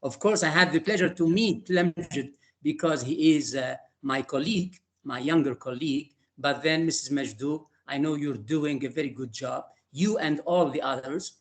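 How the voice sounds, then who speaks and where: An older man giving emotional, halting closing remarks on a video call. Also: on the high side. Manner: halting, many fillers and restarts. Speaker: retired teacher trainer.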